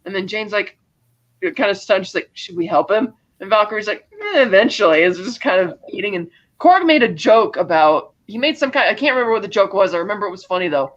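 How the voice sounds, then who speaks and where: A man co-hosting a casual movie review, retelling the plot with animated quoted lines. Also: sits high, fast, muffled recording. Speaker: podcast co-host.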